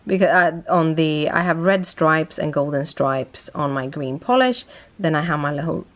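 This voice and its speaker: A young woman with a somewhat low voice and a light British tinge chats casually at home. She sounds worn out, and she rambles and corrects herself as she talks. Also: moderate pace. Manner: rambling, self-correcting, chatty. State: tired. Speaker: vlogger. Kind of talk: casual vlog chat.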